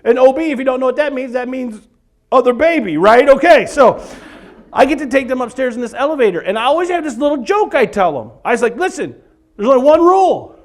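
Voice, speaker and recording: Talking fast in an extremely high pitch, a man in his forties delivers comedic stories at a church event. He's an animated storyteller who acts scenes out and bursts into singing and screaming.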